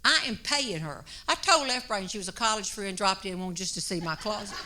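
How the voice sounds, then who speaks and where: A woman, a humorist telling a long comic story on stage, drawing out her words with animated timing. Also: mid-range voice, a little hiss or hum. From North Carolina. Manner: drawn-out, animated delivery with comic pauses. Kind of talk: stand-up storytelling. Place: stage before a live audience.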